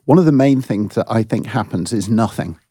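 A man's voice: lowish voice, expressive, fairly quick, warm tone, breathy edge, dry recording, clean studio sound. A man guesting on a radio show, chatting eagerly and jumping in. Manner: eager, interjecting. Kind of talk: casual radio chat.

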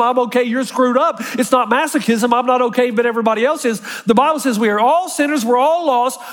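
A man preaching a sermon as a pastor, animated and acting out quoted voices. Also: very high voice, big-room sound.

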